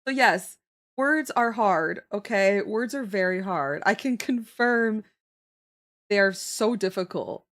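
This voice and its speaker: A woman's voice: mid-range voice, lively intonation, slow pace, fairly bright tone. A young woman hosting a livestream, chatting casually while she draws and laughing often as she reads and answers her chat. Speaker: livestream host.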